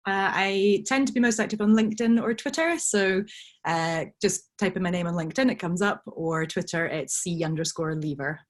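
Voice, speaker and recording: A woman with a slightly mixed Scottish accent, giving thoughtful, measured answers as an interview guest over a video call. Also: fairly low pitch. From Scotland. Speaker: guest, brand director.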